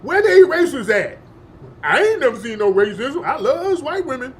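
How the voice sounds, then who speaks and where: A man's voice: extremely high pitch, big pitch swings, moderate pace, slight background noise, voice pushed up. A man putting on a mocking voice of a gushing male Trump fan who denies racism, laughing as he goes. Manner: over-the-top mocking impression with laughs.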